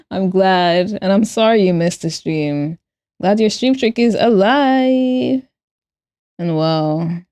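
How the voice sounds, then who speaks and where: In a mellow, medium-pitched voice, a young woman streamer takes her time and stays animated while she draws and chats with her audience. She's playful and giggles often, and there's no room sound.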